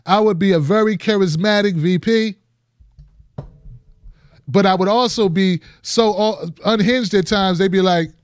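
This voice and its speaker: Speaking at a measured pace with long pauses, this man has a high, clean voice and there's no echo on the recording. He hosts a political commentary show and addresses his viewers casually but emphatically. He tends to repeat himself, frequently restarting phrases.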